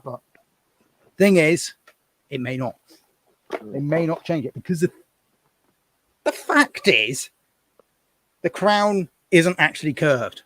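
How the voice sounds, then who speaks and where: A man's voice: fairly high pitch, measured pace, pauses often, a bit bright, a little hiss or hum. A man chatting casually on a live stream, rambling and thinking aloud as he sorts through things at home.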